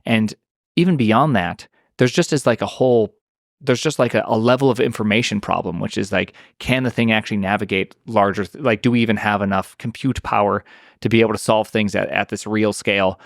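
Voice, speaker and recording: A man talking as a podcast guest in casual conversation, rambling and animated, with lots of restarts and fillers. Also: fairly low pitch, brisk, creaky, no echo, studio quality.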